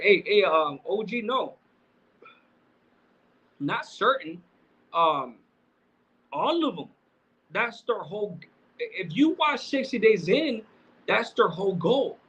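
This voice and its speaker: A man's voice: mid-range voice, pushed and bright, a little hiss or hum. A middle-aged man hosting a livestream, talking casually in loose streetwise slang with plenty of swearing. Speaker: livestream host. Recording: dull lo-fi stream audio.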